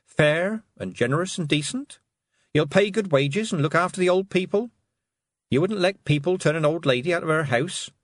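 A man voicing a calm, firm young girl witch who speaks in a measured way. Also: a little high, no room sound, voice pushed up.

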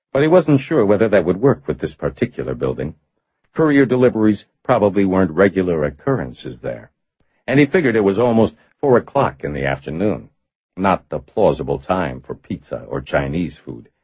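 A man narrating an audiobook thriller in measured, expressive storytelling. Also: low voice, husky, no room sound, lo-fi sound. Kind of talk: scripted narration.

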